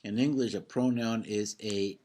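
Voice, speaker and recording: A man's voice: on the low side, fairly even intonation, normal speed, mellow. A man teaching a Spanish grammar class, patiently explaining, quizzing his students and often checking in with "right?".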